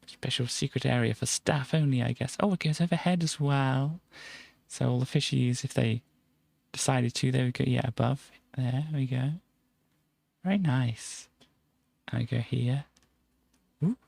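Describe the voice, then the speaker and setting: A man's voice: medium pitch, vocal fry, darkish tone, dry recording. A man streaming a game, giving a playful, chatty tour of a build and tossing in silly sound effects. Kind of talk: casual gameplay commentary.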